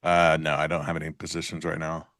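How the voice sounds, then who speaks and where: A man co-hosting a live trading show, chatting casually and explaining market ideas in a relaxed way. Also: very deep voice, quick pace, dry recording, studio quality.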